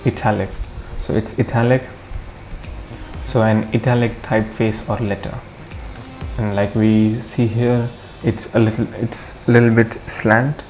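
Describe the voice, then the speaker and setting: Mellow-voiced man thinking aloud. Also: fairly low pitch, level tone, unhurried, faint music behind. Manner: thinks aloud, corrects himself, mixes Hindi into English. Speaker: coding tutorial host. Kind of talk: screen-recorded coding walkthrough.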